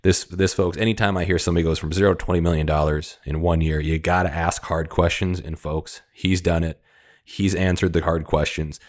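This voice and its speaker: A man hosting a podcast, introducing his guest with energetic, hype-building enthusiasm. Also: sits low, brisk. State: out of breath. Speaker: podcast host. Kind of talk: podcast interview.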